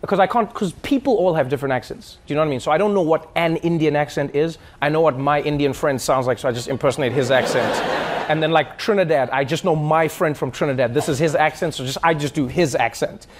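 A man comedian chatting with a live audience, an animated storyteller who laughs as he talks and keeps slipping into impressions. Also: fairly high pitch, fast talker. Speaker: comedian answering audience questions. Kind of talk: live stand-up style audience Q&A. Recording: live audience noise in hall. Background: audience laughter and murmur.

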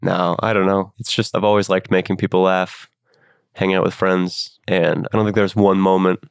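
A man's voice: sits low, flat delivery, moderate pace, gravelly, clear, resonant tone, no room sound, studio quality. A young man in his twenties, a comedian and guest, talking casually in a rambling, self-deprecating way with many fillers. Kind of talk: casual interview talk.

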